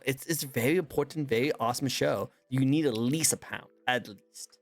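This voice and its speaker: A man's voice: mid-range voice, brisk, dry recording, faint music behind. Casting: man, talk show host, playful banter, laughs often, dry close sound. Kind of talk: casual interview chat.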